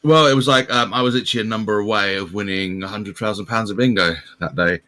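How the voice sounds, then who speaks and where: A man's voice: on the low side, fast, sharp tone. A young man who is a guest on a casual podcast, laid-back and giving brief replies.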